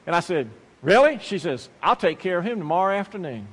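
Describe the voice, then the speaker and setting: A man's voice: sits high, animated, fast talker, a bit bright, big-room sound, slight background noise. A man preaching a sermon, telling a childhood story with emphatic repetition and acted-out quotes.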